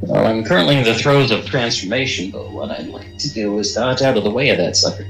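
A man's voice: fairly low pitch, animated, brisk, gravelly, fairly bright tone, faint music behind, rough recording. A man playing a tabletop game, declaring his moves in a wry, casual way. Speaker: player.

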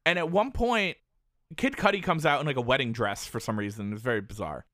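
A man's voice: mid-range voice, fairly quick, no echo, studio quality. A man telling a long story in casual chat, swearing often and filling with "like". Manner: animated, profane, heavy use of "like".

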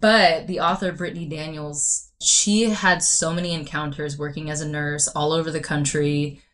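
Woman guest, lowish voice, lively and quick to laugh, easy conversational read. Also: a little hiss or hum. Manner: animated, laughs often. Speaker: podcast guest. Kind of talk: casual conversation.

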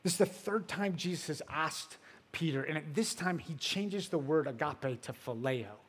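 A man giving a sermon as a pastor, telling the story casually with filler words and swinging between loud emphasis and hushed moments. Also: on the high side, moderate pace, breathy edge, big-room sound.

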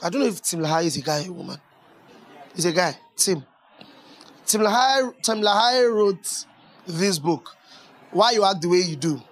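A man preaching a sermon, lively and conversational, asking the congregation questions and laughing along with them. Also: sits high.

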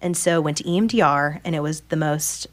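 A podcast guest in her thirties speaks fairly quickly in a deep voice. She tells her personal story openly and earnestly in conversation, acting out the people she quotes.

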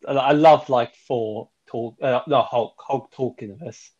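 A man's voice: medium pitch, unhurried, darkish tone, dull audio. A man co-hosting a podcast, reviewing films in casual chat, enthusiastic and rambling, correcting himself as he goes. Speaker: podcast co-host.

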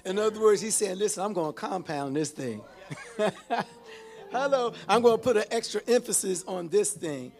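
High-voiced preacher man, animated. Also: moderate pace, soft background music. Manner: animated preaching with call-and-response; repeats and restarts phrases. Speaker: pastor. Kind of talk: sermon.

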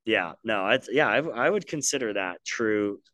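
A man's voice: fairly low pitch, expressive, normal speed, bright, forceful tone, no echo. A man co-hosting a podcast, chatting casually in an upbeat, teasing way. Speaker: podcast co-host. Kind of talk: casual chat.

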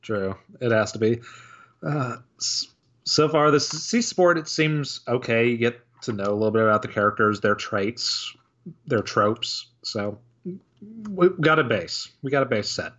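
A man's voice: mid-range voice, expressive, measured pace, a bit bright. A man co-hosting a casual gaming podcast, joking and rambling with self-deprecating asides, on a dull recording. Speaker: podcast co-host. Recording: dull lo-fi audio.

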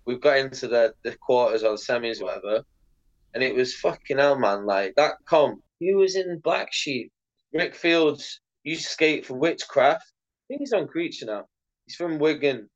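A man's voice: mid-range voice, highs cut off. A man, a pro skateboarder chatting as a podcast guest, swearing freely and acting out the people in his stories. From England. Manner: sweary, animated, acts out voices in anecdotes. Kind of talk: casual interview storytelling.

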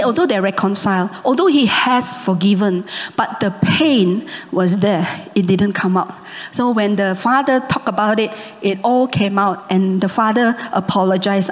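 A woman preaching a sermon, telling a story with animated delivery and often checking in with the congregation. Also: medium pitch, in a large hall. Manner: animated, asks the congregation "okay?" and "amen?".

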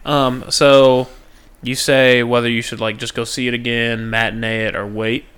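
A man's voice: mid-range voice, level tone, normal speed, a bit bright, clear, resonant tone. A man hosting a casual podcast chat, joking around loosely, swearing freely and tripping over his words. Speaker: podcast host.

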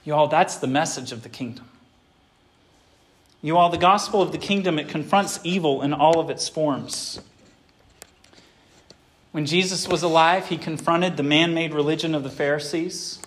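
A middle-aged man delivers a sermon to his congregation. His voice sits a little high for a man, and he presses hard on key points before easing back down. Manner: emphatic preaching, swinging from loud to quiet. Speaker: pastor.

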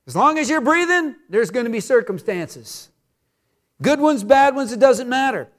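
High-voiced man preaching conversationally. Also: very animated, normal speed. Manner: conversational preaching with rhetorical questions and repetition. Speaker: pastor. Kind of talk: sermon.

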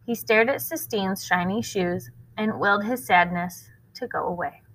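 A woman reading a novel aloud at a school, expressive and pausing to explain the story to listeners. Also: mid-range voice, slight background noise, rough recording.

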